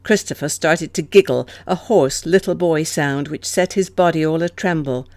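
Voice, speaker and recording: A woman narrating an audiobook in a measured, expressive manner. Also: low voice, dry recording. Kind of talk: scripted narration.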